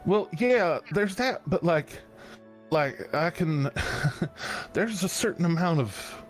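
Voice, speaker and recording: A man voicing a gentle, caring woman with a soft Southern accent who speaks through a familiar, in a halting, soft-spoken way. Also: on the high side, expressive, soft background music, voice pushed up. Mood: concerned. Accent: soft Southern US (put on).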